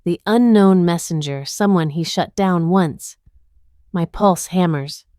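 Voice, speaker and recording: Woman reading a tense first-person drama, lowish voice, super dry close sound. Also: slow pace, mellow, clear, resonant tone, no echo. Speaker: narrator.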